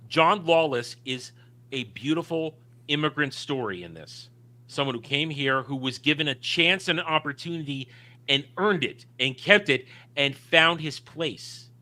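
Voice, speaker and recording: A man's voice: on the high side, a little slow, sharp tone. A man co-hosting a casual film discussion, talking emphatically and opinionatedly with frequent restarts. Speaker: podcast co-host.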